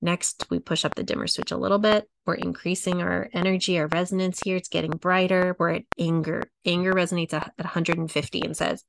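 A middle-aged woman teaching a coaching lesson, walking through a chart at a slow, measured pace and repeating her phrases. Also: fairly low pitch, flat delivery, vocal fry, background noise. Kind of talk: teaching talk, reading a chart aloud.

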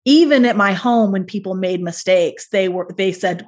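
A woman's voice: mid-range voice, moderate pace, darkish tone. Earnest woman reflecting on parenting. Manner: earnest, reflective, talks in long flowing thoughts. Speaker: guest, parent talking about parenting. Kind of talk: podcast interview conversation.

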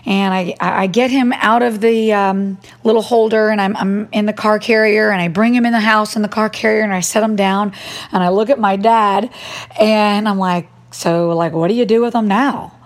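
A middle-aged woman telling a personal story in a lively, self-mocking way, acting out what people said. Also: mid-range voice, moderate pace. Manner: animated, self-mocking storytelling with acted-out quotes. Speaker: mom vlogger. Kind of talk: storytelling monologue.

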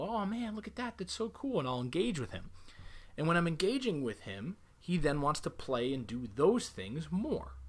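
A man's voice: medium pitch, fairly bright tone. A man who is a parent, giving direct, emphatic instructions on dog training to the camera and repeating the key points.

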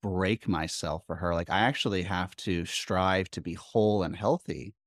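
A man's voice: low-pitched, fairly even intonation, normal speed, dry recording, clean studio sound. A man in his thirties hosting a podcast, speaking thoughtfully and conversationally and asking probing questions. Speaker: podcast host. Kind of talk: casual podcast interview.

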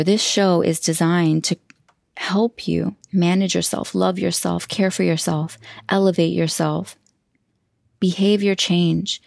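Gravelly-voiced woman hosting a podcast. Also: lowish voice, dry recording, clean studio sound. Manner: warm, effusive, emotional, laughs often. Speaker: podcast host and self-love coach. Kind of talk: heartfelt podcast monologue.

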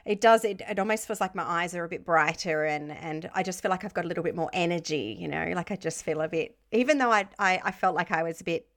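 A woman hosting a casual interview, bubbly and quick to laugh. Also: fairly low pitch, fairly bright tone. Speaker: host.

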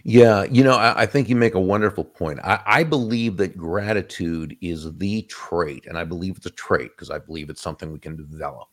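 A man's voice: sits low, brisk, hardly any pauses. A man interviewed as a guest, giving reflective advice in a conversational way, often restarting his phrases. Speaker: guest author.

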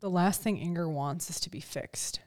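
A woman hosting a casual podcast chat close to the mic, animated and acting out quoted lines. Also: fairly low pitch, moderate pace. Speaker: podcast host. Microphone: close studio mic.

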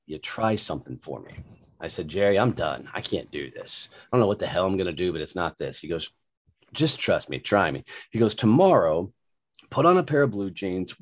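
A middle-aged man from Texas, a podcast guest telling a long personal story in a casual, profane, colorful way. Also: lowish voice.

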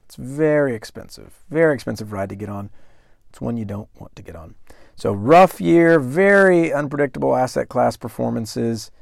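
A man with a gravelly, creaky edge to his voice hosts a solo investing podcast. He talks in a conversational, emphatic way and stops to quiz the listener. The sound is dry and close, with no room around it. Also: mid-range voice, a little mellow, dry recording. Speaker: podcast host.

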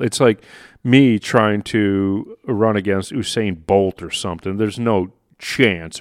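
Male podcast host, low-pitched, enthusiastic self-help talker, dry close recording. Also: dry recording. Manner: animated, acts out inner voices, laughs at himself. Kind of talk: motivational solo podcast talk.

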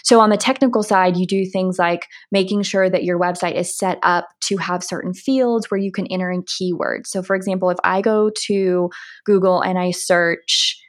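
A young American woman talks as a podcast guest in a relaxed, conversational way. She laughs easily and fills her sentences with "like" as she explains things. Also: on the low side, normal speed. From United States. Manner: chatty, laughs often, lots of "like" fillers. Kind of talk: casual interview conversation.

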